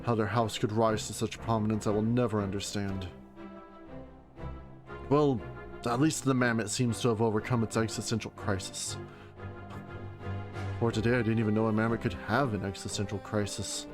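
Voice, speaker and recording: A man's voice: fairly low pitch, steady tone, normal speed, long pauses, over music, lightly acted. A man doing a grumbling, exasperated soldier.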